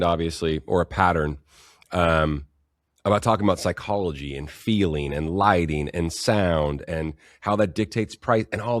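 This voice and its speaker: A man's voice: sits low, dry recording, studio quality. A man hosting a webinar, reading out audience questions in a friendly, enthusiastic way with casual slang. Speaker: webinar host.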